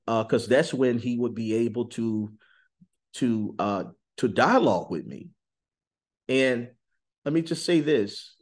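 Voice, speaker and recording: A man giving an earnest, intense testimony in a sit-down interview, slowing on key words and rising suddenly in pitch and volume. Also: a little mellow. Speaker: interview guest.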